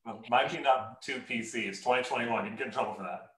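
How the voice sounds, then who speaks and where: A man's voice: mid-range voice, fast talker, fairly bright tone. A man joking and complaining good-naturedly with his friend during a calling game. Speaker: salesperson making calls. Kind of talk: casual banter. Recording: echoey room.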